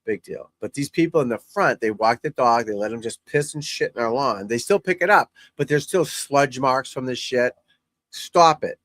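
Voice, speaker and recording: A man's voice: medium pitch, expressive, moderate pace, few pauses, a bit bright, no room sound. A middle-aged man, a golf instructor, chatting casually and bluntly while watching golf on TV, rambling and swearing freely. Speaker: golf instructor and channel host.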